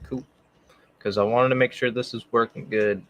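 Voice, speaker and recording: A man joking with a co-host on a casual home livestream, speaking in a relaxed, bantering way. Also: mid-range voice, normal speed. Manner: laid-back, joking banter. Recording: distant home mic, background noise.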